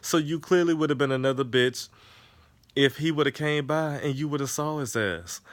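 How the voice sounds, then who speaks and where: A man recapping a TV episode in casual chat, animated and profane, often laughing. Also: a little high, normal speed, no echo. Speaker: TV episode reviewer. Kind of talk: casual recap with acted-out quotes.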